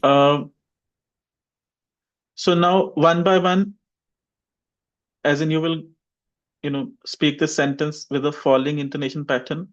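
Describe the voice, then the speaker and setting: A man teaching an English pronunciation class over a video call, modeling sentences and calling on students. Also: on the high side. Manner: models sentences with exaggerated intonation, calls on students. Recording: dull lo-fi online call audio.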